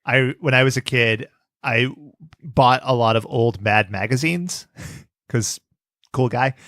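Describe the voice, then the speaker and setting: A man's voice: mid-range voice, slow pace, a bit bright, dry recording, clean studio sound. A man co-hosting a podcast, chatting casually with wry jokes and puns. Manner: wry, jokey, fond of puns. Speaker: podcast co-host. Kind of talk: casual chat.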